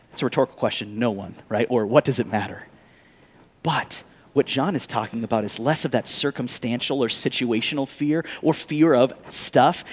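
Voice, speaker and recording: A male pastor preaching a sermon, animated, swinging between loud emphatic peaks and quiet asides. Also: fairly high pitch, in a large hall.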